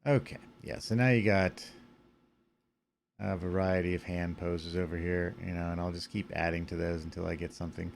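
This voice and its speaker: Sleepy deep-voiced man, gravelly, rambling tutorial over faint room hiss. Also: moderate pace. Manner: relaxed and rambling, many fillers, yawning. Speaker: animation puppet creator. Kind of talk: casual screen-recorded tutorial.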